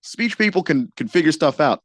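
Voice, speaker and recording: A male radio co-host in casual chat, easygoing and quick to laugh. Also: a little high, lively intonation, a bit bright, dry recording, studio quality.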